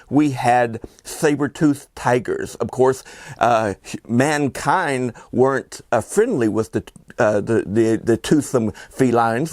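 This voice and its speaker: A man's voice: mid-range voice, a little mellow, no echo. A man hosting a horror movie show, greeting viewers theatrically, rambling and chuckling often. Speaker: horror host. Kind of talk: hammy horror-host introduction.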